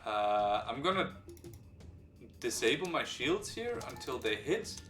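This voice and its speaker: Male streamer at mid pitch talking through his game moves, captured off-mic in an echoey room with soft music underneath. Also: takes it slowly. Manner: explains game mechanics while thinking aloud; relaxed, hesitant with many fillers. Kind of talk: live gameplay commentary. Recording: roomy sound from a distant mic, faint background music.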